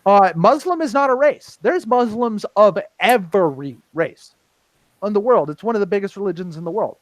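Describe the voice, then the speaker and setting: A man's voice: high voice, lively intonation, moderate pace, dry recording, rough recording. A man on a casual roundtable podcast, talking in a heated, profane, rambling way with many restarts. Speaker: podcast host.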